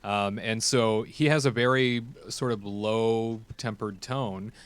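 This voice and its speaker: A man's voice: lowish voice, steady tone, slow pace, clean tone. A man hosting a casual podcast chat, easygoing and agreeable, bringing up news items. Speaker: podcast host.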